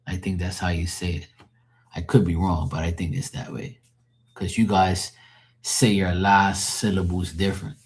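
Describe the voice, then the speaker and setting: A man hosting a live stream, chatting loosely with viewers, casual and explanatory, swearing now and then. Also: sits low. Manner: loose, chatty, explaining language differences to chat; swears casually, laughs easily.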